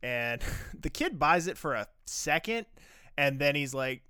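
A man co-hosting a casual podcast, recapping a TV episode with wry, animated commentary. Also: mid-range voice, measured pace, clear, resonant tone, dry recording, clean studio sound. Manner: animated, wry, swings from loud outbursts to muttered asides. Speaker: podcast co-host.

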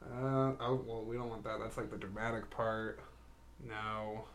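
A man's voice: fairly low pitch, little pitch movement, unhurried, a little hiss or hum. A young adult man hosting a casual podcast chat, rambling with frequent restarts. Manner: rambling, lots of likes and restarts. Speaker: podcast host.

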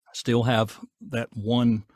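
A man's voice: mid-range voice, little pitch movement, takes it slowly, darkish tone, no echo. Folksy Southern man, dry close mic. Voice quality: gruff. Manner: folksy, down-to-earth, rambling with fillers. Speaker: voice actor guest. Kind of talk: casual interview chat.

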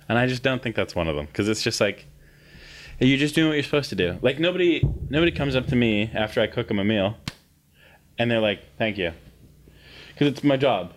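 A man's voice: fairly low pitch, a little hiss or hum. A young Canadian man co-hosting a podcast, chatting casually, swearing a lot as he rants and laughs. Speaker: podcast co-host. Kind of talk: casual chat.

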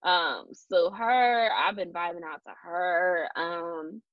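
A woman's voice: on the low side, takes it slowly, dry recording. A young woman hosting a casual podcast chat, rambling with lots of fillers and restarts. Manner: rambling, many fillers and restarts, laughs often. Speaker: podcast host. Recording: dull lo-fi sound.

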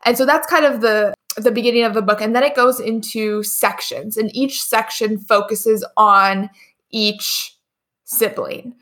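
Relaxed woman summarizing a novel. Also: a little high, a little slow. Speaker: podcast co-host. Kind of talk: casual book discussion.

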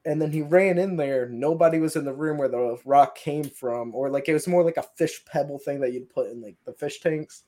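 A man's voice: fairly high pitch, fairly quick, hardly any pauses, dark tone. A man, a guest paranormal investigator, telling his stories in a loose, rambling way with plenty of fillers. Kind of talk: casual storytelling.

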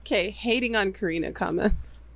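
A woman's voice: medium pitch, normal speed, gravelly, a bit bright, no room sound. A woman co-hosting a podcast in casual chat, laughing often between her lines. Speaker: podcast co-host.

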